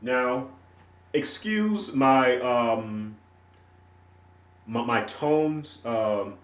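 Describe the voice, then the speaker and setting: A man's voice: medium pitch, expressive, distant mic. A man with a country North Carolina twang teaches a religious lesson. He speaks in stop-start phrases and checks in with his listeners. His voice comes from off-mic in an echoey room, and the sound is dull and lo-fi. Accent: rural North Carolina. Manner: halting and repetitive, checks in with "all right?". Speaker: ministry teacher. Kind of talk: teaching a religious lesson while writing on a board.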